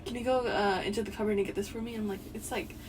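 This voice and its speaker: A woman's voice: mid-range voice, rapid-fire, recorded from a distance, background noise. Young woman, slightly off-mic. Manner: relaxed, laughing, many fillers. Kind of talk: casual chat.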